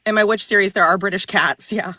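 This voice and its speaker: A woman's voice: medium pitch, steady tone, fast talker, pushed and bright, no echo, low-quality recording. A woman co-hosting a live online chat as an author, blunt and self-mocking, swearing freely. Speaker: author and co-host. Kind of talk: casual live-stream chat.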